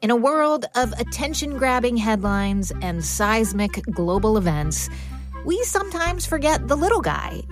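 A woman hosting a radio show, reading scripted narration. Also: fairly high pitch. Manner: lively, scripted delivery.

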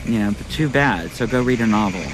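A man's voice: fairly low pitch, expressive, fairly quick, very noisy. A man speaking about poetry in a playful, provocative way. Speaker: poet. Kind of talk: casual talk about poetry.

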